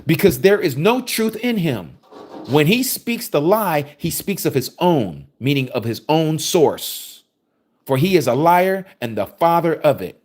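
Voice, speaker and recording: A man preaching a sermon, reading scripture aloud and explaining it with forceful rhetorical questions. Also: a little high, sing-song, a little slow.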